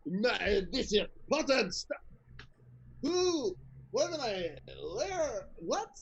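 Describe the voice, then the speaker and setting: A man voicing a brutish, touchy male ogre pirate with a put-on French accent, loud and bellowing. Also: extremely high pitch, big pitch swings, slow, creaky, lo-fi sound, a little hiss or hum, pitched above the performer's own voice, heavily acted. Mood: dazed.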